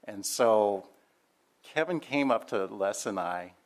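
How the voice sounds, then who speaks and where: A man's voice: on the low side, lively intonation, slow. An older man sharing memories of a family member in a chatty, laughing storytelling way, with many fillers. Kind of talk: anecdotal reminiscing speech.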